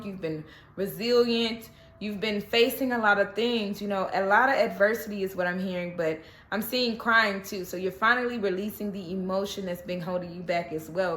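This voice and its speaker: Woman, tarot reader, casual and animated, keeps asking "okay?", echoey room, faint background hiss. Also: mid-range voice. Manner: animated, repeats "okay?" and reassuring phrases.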